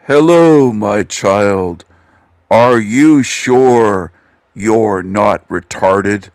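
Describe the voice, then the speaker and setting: A booming male heavenly voice, lifted high and loud above the speaker's own, as a man puts it on, drawn out slowly with a taunting edge. It sounds dry and close. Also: dry recording. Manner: slow, taunting, drawn-out delivery.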